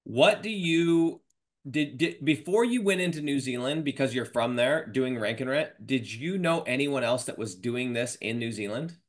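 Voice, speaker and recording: A man in his thirties hosts a podcast interview over a video call. He talks in an energetic, slangy, casual way, with a voice of ordinary middle pitch. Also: normal speed. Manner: energetic, slangy, says dude and bro. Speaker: podcast host.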